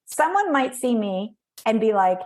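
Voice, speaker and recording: Woman podcast guest, slightly high voice, animated storyteller, loose conversational delivery. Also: measured pace. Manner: animated storytelling, acts out voices, many fillers.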